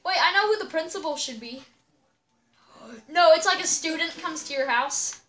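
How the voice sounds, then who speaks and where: A woman playing a game with a friend, directing a silly role-play in an excitable, giggly, bossy way. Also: very high voice, moderate pace. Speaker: player.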